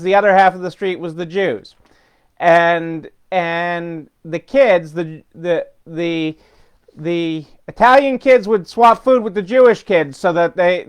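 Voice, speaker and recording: Chatty rambling man with a high, clear voice. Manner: chatty and rambling, with many fillers, restarts and chuckles. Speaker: host of a weekly business update. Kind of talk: casual unscripted talk.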